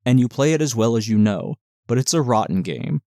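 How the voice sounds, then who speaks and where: A tender young woman nurse, fragile and softly pleading, read out by a man narrating a novel. The voice sits at a middling pitch, close and dry with no room sound. It is an audiobook reading. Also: animated, brisk, no room sound, lightly acted.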